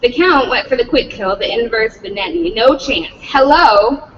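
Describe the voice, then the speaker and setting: Woman reading aloud with lively pitch. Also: moderate pace, long reverb tail, recorded from a distance, lo-fi sound, slight background noise. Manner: adds profanity, breaks off laughing. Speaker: reader at a public read-in.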